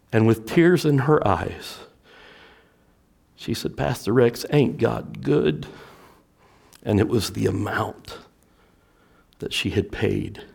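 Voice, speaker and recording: A middle-aged male pastor preaching a sermon, swinging from loud emphatic lines to hushed storytelling. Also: on the low side, vocal fry.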